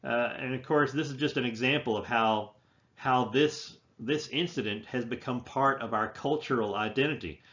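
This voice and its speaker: A man delivers a history lecture in an unscripted way, stumbling through restarts and "uh" fillers as he explains. His voice sits at an ordinary middle pitch. The recording is a little dull and lo-fi. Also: moderate pace, a bit bright. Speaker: history teacher.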